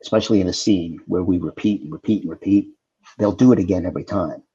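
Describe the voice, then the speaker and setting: A middle-aged actor telling casual behind-the-scenes stories as a talk show guest, with animated storytelling. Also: male voice, sits low, fast talker, husky, highs cut off. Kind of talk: casual anecdotes on a video call talk show.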